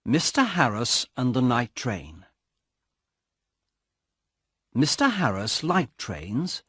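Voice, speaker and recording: A man reads a storybook aloud slowly, with a husky voice. His pitch moves in a lively way, and the sound is close and dry. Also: no room sound. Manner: slow, careful storytelling. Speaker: narrator. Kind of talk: graded-reader story narration.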